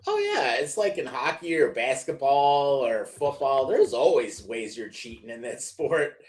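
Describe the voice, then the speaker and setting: A podcast co-host in an easygoing chat, full of jokes and casual swearing, laughing often. The voice moves around a lot in pitch and sounds animated. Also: unhurried.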